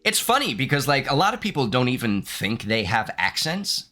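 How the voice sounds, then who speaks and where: A man's voice: mid-range voice, sing-song, moderate pace, pushed and bright. A young man from Southern Ohio, a streamer chatting casually with his chat while playing a game. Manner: chatty, reflective, reads game text aloud. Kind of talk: casual gameplay chat reading chat aloud.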